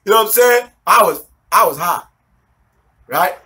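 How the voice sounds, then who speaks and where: New guy in his 40s, high bright voice, street slang testimony, laughs a lot. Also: expressive, normal speed, slight background noise. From New York City. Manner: swears a lot, street slang, keeps asking if you follow; laughs often while telling the story. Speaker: minister giving a testimony. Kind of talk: animated storytelling testimony.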